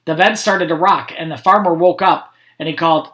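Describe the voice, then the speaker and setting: A man's voice: a little high, fairly even intonation, fairly quick, a bit bright. A man, a school principal, reading picture books aloud to students online, with friendly, chatty asides. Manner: friendly, chatty asides between read passages.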